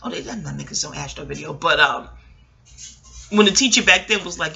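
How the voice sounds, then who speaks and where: A woman's voice: deep voice, fairly quick, gravelly, bright, forceful tone, slight background noise. A woman, rambling through a casual, profane TV recap at home, digressing and laughing often. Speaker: vlogger reviewing a TV episode. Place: home, near a kitchen.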